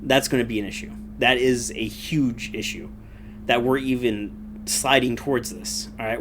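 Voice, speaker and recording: Young guy ranting casually, swears a lot, rambly, mid pitch, faint hum behind. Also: fairly bright tone. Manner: profane, rambling, laughs between points. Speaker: commentator. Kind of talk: casual political rant.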